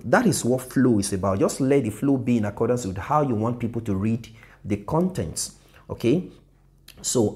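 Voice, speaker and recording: A man giving a loose, casual design tutorial on his phone, often correcting himself and laughing softly. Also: mid-range voice.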